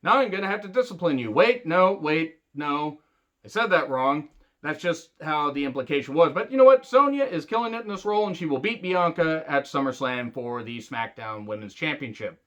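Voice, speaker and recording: Sarcastic male reviewer, lively high-ish delivery, profane rant, muffled lo-fi mic. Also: normal speed. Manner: angry, sarcastic, heavy swearing. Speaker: wrestling reviewer.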